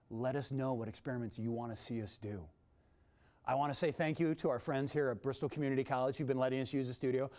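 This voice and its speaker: A man hosting a kids' science demonstration in a TV studio, energetic and showy, with big swings in pitch and loudness. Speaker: science presenter for kids.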